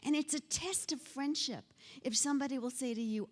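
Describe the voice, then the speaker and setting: An older woman delivers a conference keynote with a lively voice that swoops up and down. She is theatrical and teasing, dropping into character whenever she acts out the people she quotes. The talk comes across like a stage address to a live audience. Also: high-pitched, normal speed, creaky. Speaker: keynote speaker. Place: conference hall before an audience.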